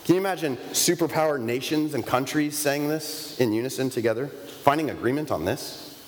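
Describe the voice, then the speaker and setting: A man's voice: mid-range voice, fairly quick. A man in his thirties preaching a sermon in a conversational, emphatic way, asking the congregation rhetorical questions from the pulpit of a church. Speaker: pastor. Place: church sanctuary. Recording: long reverb of a large hall, faint ambience.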